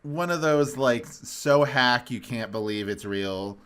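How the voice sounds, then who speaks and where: A man's voice: medium pitch, slow pace, fairly bright tone, clear, resonant tone. A man co-hosting a podcast in casual chat, rambling, swearing and laughing often. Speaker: podcast co-host.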